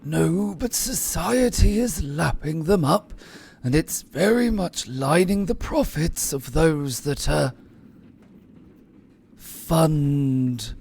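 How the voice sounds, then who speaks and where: A man running a tabletop game and speaking in character in a measured, conversational way. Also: on the high side, lively intonation, creaky, a little mellow, husky. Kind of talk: in-character tabletop role-play.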